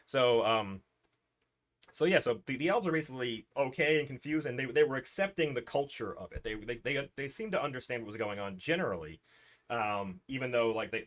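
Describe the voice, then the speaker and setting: A man in casual livestream chat, recapping his tabletop campaign as game master, rambling through restarts and quoting his characters. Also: mid-range voice. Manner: rambling, many restarts and fillers, animated retelling with quoted lines.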